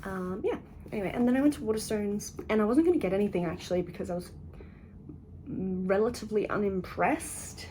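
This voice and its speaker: A young woman with an Australian accent talks through her day in a relaxed, chatty vlog, giggling often. Her tone is soft and mellow. A faint ambience hums behind her in the hotel room. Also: mid-range voice, a little fast, a little hiss or hum, low-quality recording. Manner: chatty, giggly, many ums and likes. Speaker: book vlogger. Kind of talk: casual vlog chat.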